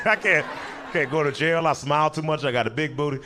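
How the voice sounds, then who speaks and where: A young adult man telling a story in stand-up style, animated and often laughing at his own jokes. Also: mid-range voice, moderate pace. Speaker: stand-up comedian.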